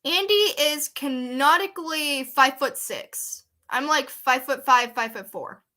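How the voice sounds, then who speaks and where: High bright-voiced playful woman. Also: a little slow. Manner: playful, giggly, chatty. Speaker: let's-play creator. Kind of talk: reading a fan story aloud with chatty asides.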